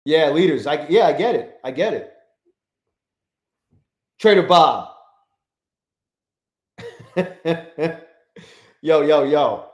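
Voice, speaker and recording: A man's voice: on the high side, expressive, takes it slowly, pauses often. Profane casual male live-stream trader. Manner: profane, loose, reads out and greets chat viewers. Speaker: live-stream trading host. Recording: echoey room.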